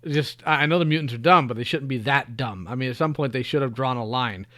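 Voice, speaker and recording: A man on a podcast, chatting casually and critically, often trailing off quietly. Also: medium pitch, fast talker. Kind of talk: casual chat.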